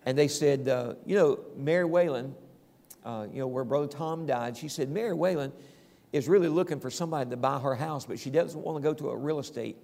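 A man's voice: a little high, a little fast, gravelly, darkish tone, in a large hall. A man preaching a sermon as pastor, telling homespun stories and calling out to the congregation. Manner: folksy storytelling preacher, calls out "Amen?".

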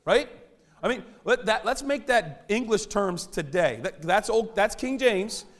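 A man preaching a sermon in a church, animated and conversational, with self-deprecating humor. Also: high voice, measured pace. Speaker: pastor. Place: church sanctuary.

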